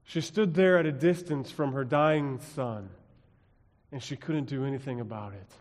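Pastor preaching in a reverberant church. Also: male voice, mid-range voice. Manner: dramatic storytelling with quiet drops and rising emphasis. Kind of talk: sermon. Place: church sanctuary.

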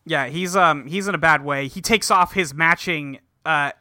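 A man's voice: on the high side, normal speed, no echo, studio quality. A man from California co-hosting a casual podcast, recapping an anime episode and acting out the characters' lines. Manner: animated, acts out characters' lines mid-recap. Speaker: podcast co-host.

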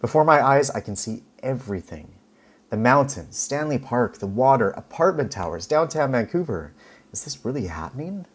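A man from Canada reads his own first-person story aloud, wry and expressive. His voice is slightly husky, with a mid pitch. His intonation rises and falls widely, and he leans on dramatic pauses. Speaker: author reading his story.

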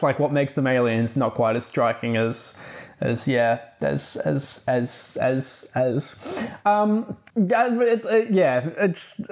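A man's voice: mid-range voice, darkish tone. A young man giving a casual, rambling book review full of restarts and filler words.

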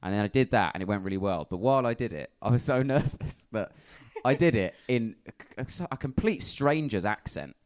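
A young man from England, a comedian guest on a live podcast, chatting in a wry, self-deprecating way and often trailing off into quiet asides. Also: fairly low pitch, expressive, a little fast, few pauses, clear, resonant tone. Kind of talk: casual live podcast chat. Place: live venue in front of an audience.

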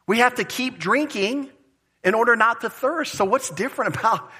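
A man's voice: very high-pitched, moderate pace, breathy edge. A man preaching an expository sermon in an emphatic, conversational way. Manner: animated, emphatic, conversational preaching with Greek word study. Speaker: pastor.

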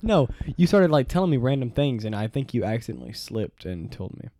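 A man's voice: medium pitch, big pitch swings, brisk, warm tone, no room sound, studio quality. A young man co-hosting a podcast, playful and teasing, often laughing. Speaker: podcast co-host. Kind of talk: casual comedic banter.

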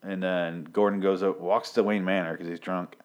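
Low-voiced man ranting through a sarcastic recap. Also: flat delivery, normal speed, clean tone. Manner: profane, sarcastic, rambling with many fillers. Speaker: TV episode recapper. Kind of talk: casual spoken recap.

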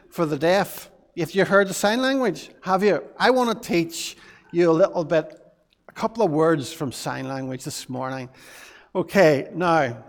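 A pastor leads a children's talk in church, slow and unhurried, his voice a touch higher than most men's. He teases and coaxes the children with question after question. His voice carries with the long echo of a big church hall. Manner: playful, questioning, coaxing. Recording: long reverb of a large hall.

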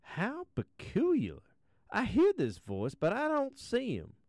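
A man doing a prim falsetto queen. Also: wildly swooping pitch, a little mellow, dry recording, studio quality, exaggerated voice. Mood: puzzled. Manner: genteel, falsetto, drawn-out. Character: prim fussy queen, mother of the princess. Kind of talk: comic storytelling with voices.

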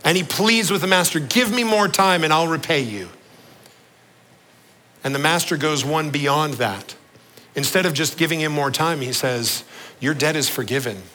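A male pastor preaching a sermon, earnest, slowing down and dropping his voice low on the key words. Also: pushed and bright, low-quality recording.

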